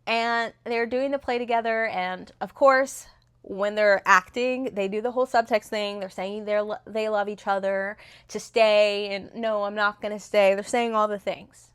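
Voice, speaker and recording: A woman's voice: mid-range voice, fairly even intonation, measured pace, clean tone. A young woman in casual, rambling chat, retelling a novel's plot with lots of fillers and restarts, recorded on a phone. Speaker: book reviewer. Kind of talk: casual book review chat.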